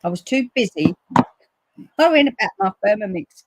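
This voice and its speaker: A woman hosting a live crafting stream, chatting casually and acting out quotes in a lively way. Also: normal speed, no room sound, rough recording. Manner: chatty storyteller, acts out quotes with big pitch jumps. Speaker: crafting livestream host. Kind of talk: casual chat to live viewers.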